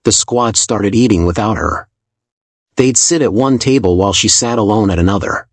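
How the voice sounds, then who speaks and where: Low-voiced man narrating a story. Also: no room sound.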